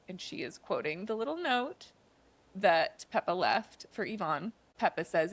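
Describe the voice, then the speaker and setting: A woman's voice: fairly low pitch, expressive, a little slow, a bit bright. A woman co-hosting a podcast, casually retelling a movie's plot in a chatty way, with lots of "like" and "um" fillers. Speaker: podcast co-host.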